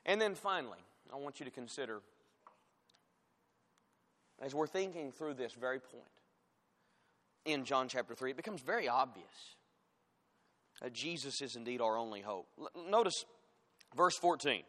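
A man preaching a sermon as pastor, rising loud on scripture and dropping to quiet, pointed asides. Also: mid-range voice, animated, moderate pace, long pauses. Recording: long hall reverb.

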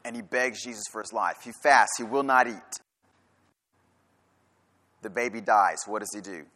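A man's voice: on the low side, normal speed, bright, forceful tone. A man preaching a sermon in a church, firing rhetorical questions and hammering his points home through repetition. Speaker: pastor. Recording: long reverb of a large hall.

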